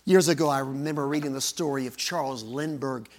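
A male preacher telling a story in a sermon, with a dramatic manner that swings from booming lines to hushed ones. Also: brisk.

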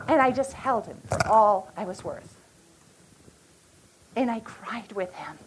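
A woman in her forties teaching at a church retreat, speaking earnestly with halting restarts and an emotional storytelling manner. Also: mid-range voice, lively intonation, slight background noise, low-quality recording.

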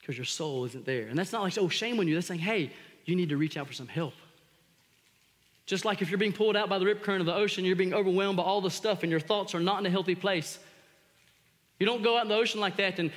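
A man preaching a sermon as pastor, telling stories animatedly and shouting out re-enactments. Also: sits high. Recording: long hall reverb.

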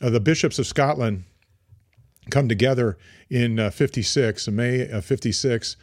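A man's voice: medium pitch, normal speed, dry recording. Dry-voiced man rambling through history. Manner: rambling, many fillers and restarts. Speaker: podcast co-host. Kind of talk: casual history chat.

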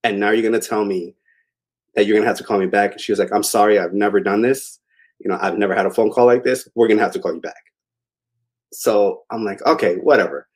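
A man's voice: fairly low pitch, fairly even intonation, fast talker, slightly rough. A young adult man telling a long personal story in a casual, rambling way, with many fillers. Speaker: interview guest.

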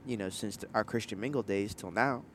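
A man's voice: on the low side, fairly quick, a bit bright. Young male podcast host, playful and slangy, recorded in a moving car with faint road noise. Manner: playful, joking, lots of laughter and slang. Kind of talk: casual chat.

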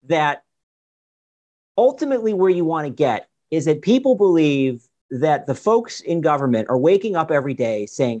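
Animated man with lively pitch. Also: normal speed, dull audio. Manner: animated, rhetorical questions, frequent restarts. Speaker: guest author. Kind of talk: conversational political discussion.

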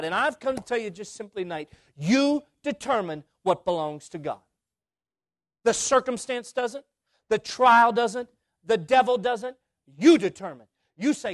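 A man preaching a sermon, fervent, repeating his words, his voice swinging between loud bursts and near-hushed lines. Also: high-pitched, fairly quick, dry recording, clean studio sound. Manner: fervent, repeats words, voice rises and drops sharply.

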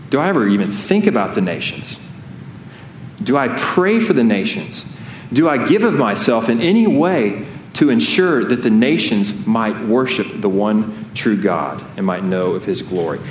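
A man's voice: on the low side, lively intonation, moderate pace. A man preaching a sermon as pastor, earnest and conversational, often restarting his sentences. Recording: echoey room with faint noise.

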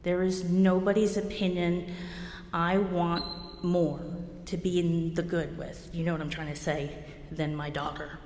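In a flat, unhurried, slightly mellow delivery, a lowish-voiced woman from New Jersey shares candidly at a recovery meeting. She's blunt, self-deprecating and wry, with bursts of laughter, and the hall's echo trails off in long reverb.

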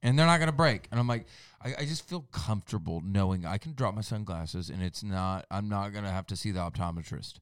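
Low-voiced man rambling excitably. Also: fairly quick, clear, resonant tone, no room sound, clean studio sound. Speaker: podcast co-host. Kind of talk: casual banter.

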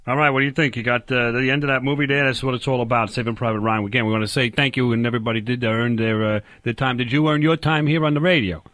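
A man's voice: medium pitch, steady tone, fast talker, few pauses, fairly bright tone. A man hosting a comedic talk radio show, rambling and pushy with his guest. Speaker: radio host.

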